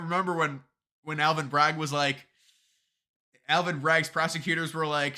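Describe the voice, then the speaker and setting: Bright-voiced man rambling on a live stream. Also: on the high side, steady tone, normal speed. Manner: rambling, sarcastic, many restarts. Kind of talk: casual political commentary stream.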